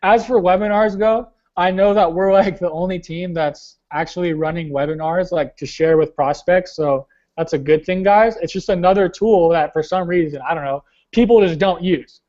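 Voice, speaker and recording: Young male team leader, high-pitched, blunt and casual, hosting a webinar call; muffled lo-fi sound. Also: moderate pace, few pauses, darkish tone. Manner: blunt, casual, slangy, keeps saying "guys". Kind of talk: motivational coaching talk.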